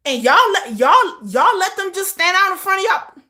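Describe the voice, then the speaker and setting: A woman's voice: very high-pitched, big pitch swings, normal speed, pushed and bright. A middle-aged woman from the United States hosting a livestream, ranting emphatically and profanely with lots of repetition. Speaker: livestream host. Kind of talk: casual livestream rant.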